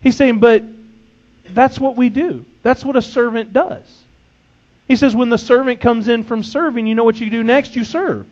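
A man's voice: extremely high pitch, moderate pace, darkish tone, highs cut off. A man preaching a sermon, emphatic, reading scripture and acting out a servant's complaints.

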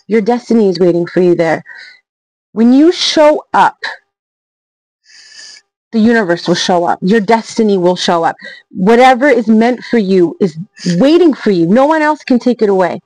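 A woman in her forties, telling travel stories in an energetic, emphatic, chatty way as a motivational vlogger. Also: medium pitch, moderate pace, dry recording, rough recording. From Canada. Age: 40s. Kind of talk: motivational storytelling vlog.

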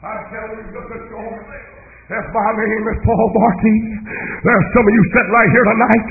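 A male minister preaching a fiery holiness sermon to a church congregation. He speaks in a rhythmic, chanting cadence with shouted cries and whoops, then drops to low murmurs between the shouted runs. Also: level tone, moderate pace, creaky. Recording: tinny phone-like sound with faint noise.

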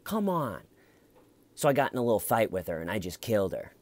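A man putting on a shrill flustered woman detective. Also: sing-song, unhurried. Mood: sarcastic. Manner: high-pitched, mocking, stammering. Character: flustered defensive woman detective under questioning.

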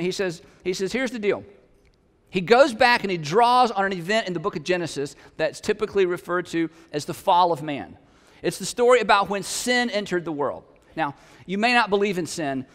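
High-voiced pastor in a reverberant hall. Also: male voice, animated, fairly quick, fairly bright tone. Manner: conversational and humorous, with emphatic peaks. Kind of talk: sermon.

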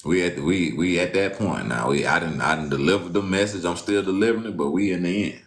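Speaking quickly in a roomy space, this male preacher gives a relaxed, slangy sermon. He reads from scripture and lurches from loud outbursts to quiet muttering.

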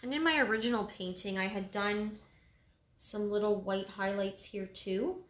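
Easygoing and talkative, a woman teaches a painting tutorial one stroke at a time, filling her speech with "um" and "like." She speaks at an ordinary pace in a middle-range voice, and the room adds a clear echo.

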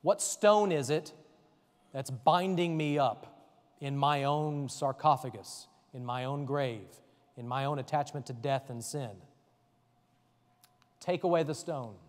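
A man's voice: medium pitch, a little slow, long reverb tail. A man serving as a deacon, teaching a faith formation class in an earnest, conversational way and often checking in with his listeners.

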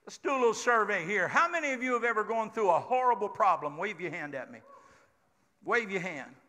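Older man preaching, high bright voice. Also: lively intonation, brisk. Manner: call-and-response preaching, rising to shouts. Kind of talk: Pentecostal sermon. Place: church sanctuary. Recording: church hall reverb with congregation.

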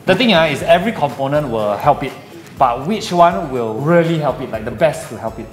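A man's voice: on the high side, lively intonation, a little fast. A man with a Singaporean accent hosting a gaming quiz, teasing the players and dropping local slang. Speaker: quiz host. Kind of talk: casual quiz banter. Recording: echoey room with loud music behind.

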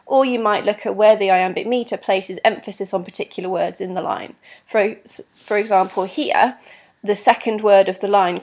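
Woman, teacher, recorded lesson, patient, clear, frequent ums, mid pitch. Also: darkish tone. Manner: clear, patient, many ums, stresses rhythm aloud. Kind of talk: recorded exam lesson explaining poetry.

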